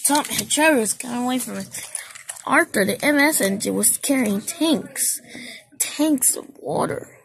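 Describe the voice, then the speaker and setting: A woman narrating an amateur toy-train story in a halting, stumbling way, full of slips and restarts. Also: fairly high pitch, lively intonation, gravelly, slight background noise.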